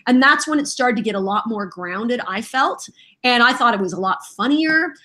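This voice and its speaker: Middle-aged lady voice actor chatting on a podcast, kinda high voice, does little voices as she talks. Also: moderate pace. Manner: lively storyteller who acts out voices and quotes. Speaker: voice actress guest. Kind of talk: casual podcast interview.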